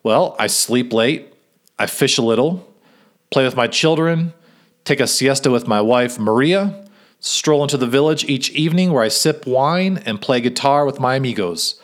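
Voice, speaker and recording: A man reading a story aloud and voicing an easygoing adult male fisherman, in a gentle, unhurried way. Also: medium pitch, lively intonation, natural voice. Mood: content, puzzled.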